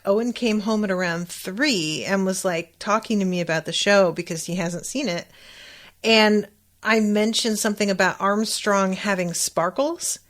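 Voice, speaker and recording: Woman podcast host just chatting away about an episode, talking into a desk mic. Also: medium pitch. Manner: chatty, animated retelling with quoted asides. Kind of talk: casual recap chat. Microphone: desk microphone.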